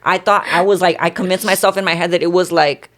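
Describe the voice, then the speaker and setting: A podcast guest telling ghost stories in casual chat, talking fast and switching between English and Spanish. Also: high voice, fairly even intonation, fairly bright tone.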